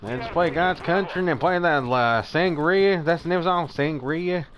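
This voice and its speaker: High-voiced man swearing over gunfire. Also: moderate pace, slight background noise. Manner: loud, crude joking with swearing. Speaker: gamer playing online. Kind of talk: casual gameplay banter. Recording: gunfire game audio under voice.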